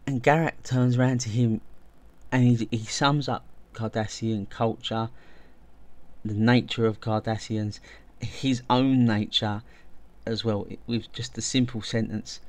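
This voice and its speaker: A man's voice: mid-range voice, measured pace. A man hosting a video essay, talking casually and enthusiastically, often restarting and repeating words as he goes. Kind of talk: casual spoken video commentary.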